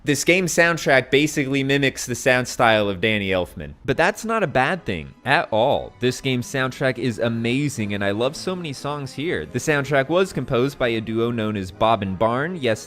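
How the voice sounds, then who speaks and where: A man's voice: mid-range voice, animated, normal speed, hardly any pauses, fairly bright tone, soft background music. A young man narrating a video game retrospective in an enthusiastic, conversational way. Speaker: game reviewer.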